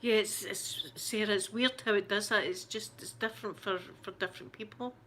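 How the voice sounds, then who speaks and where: A Scottish woman chatting casually with her viewers, her voice shaken and close to tears. She talks haltingly, full of restarts and fillers, at a middling pitch for a woman. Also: steady tone, sharp tone, a little hiss or hum. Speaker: ASMR channel host. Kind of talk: casual live chat.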